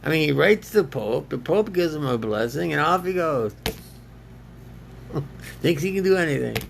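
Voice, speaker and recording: A man with a deeply gravelly, fry-heavy voice sitting a bit high for a man. He rambles slowly in a loose self-talk monologue, breaking into laughs and answering himself. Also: expressive, a little hiss or hum. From United States. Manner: laughs often, argues with himself in two voices.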